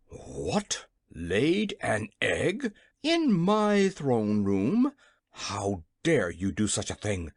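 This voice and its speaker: A reader playing a blustering little gnome king, growling, lively voice, storybook audiobook, dry sound. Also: mid-range voice, measured pace, no echo. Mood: alarmed angry. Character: small, blustering gnome king, easily frightened.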